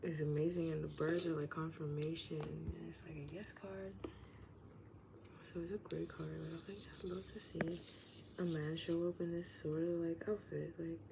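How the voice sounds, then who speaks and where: Woman vlogger, lowish voice, loose rambling chat full of "like", noisy background. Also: flat delivery, brisk. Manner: meandering, heavy use of "like", drifts into soft whispers, laughs often. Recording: clearly audible background noise.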